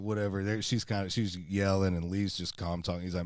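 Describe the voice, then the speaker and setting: Deep-voiced man spinning a rambling yarn. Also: a little fast, no room sound, clean studio sound. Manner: rambling and animated, peppered with "bro" and "dude". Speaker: podcast co-host. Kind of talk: casual storytelling. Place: outdoors by a fire.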